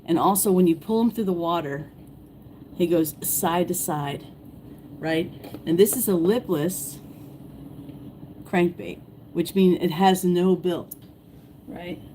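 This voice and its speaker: A woman hosting a casual fishing livestream, rambling and repeating herself, her voice going hoarse as she greets viewers. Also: on the low side, takes it slowly, pauses often, warm tone, a little hiss or hum, poor audio. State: losing her voice, clearing throat. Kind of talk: casual live-stream chat.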